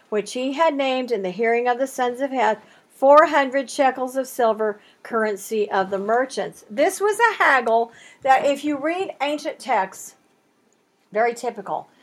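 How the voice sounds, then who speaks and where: A woman teaching a Bible study in an animated way, acting out the bargaining in quoted voices. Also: high-pitched, measured pace. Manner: lively, acts out the haggling in quoted voices.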